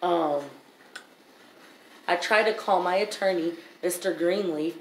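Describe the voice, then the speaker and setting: A woman's voice: lowish voice, measured pace, pauses often. A woman vlogger telling her story in a blunt, heated, profane way. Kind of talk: storytime vlog. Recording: roomy echo, faint background noise.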